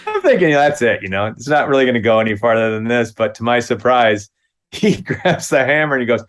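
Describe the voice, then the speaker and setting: Man in his 50s, lively storyteller. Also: a little fast. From Minnesota, USA. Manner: lively anecdote, acts out the other voices with big pitch jumps, chuckles. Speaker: guest, comedy actor. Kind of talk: casual storytelling.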